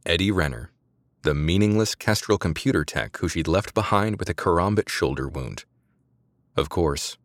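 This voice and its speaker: Male narrator, low voice, dry close read, measured dramatic audiobook style. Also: no room sound.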